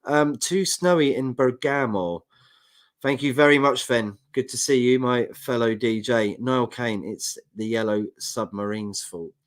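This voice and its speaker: A man's voice: medium pitch, a little slow. A man with a London accent co-hosting a casual football chat show, bantering and reading out viewer comments. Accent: London English. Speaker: football podcast co-host.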